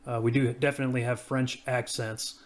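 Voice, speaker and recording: Brief: everyday male reviewer, mid-pitched, easygoing screen-demo narration. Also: little pitch movement, brisk. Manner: casual, talks through each click. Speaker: software reviewer. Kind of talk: screen-recorded software walkthrough.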